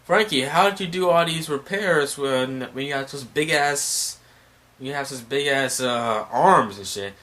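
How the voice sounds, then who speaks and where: A man's voice: medium pitch, measured pace, sharp tone. A man voicing a nervous young pirate who fusses and scolds, raising his voice a little. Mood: fussing.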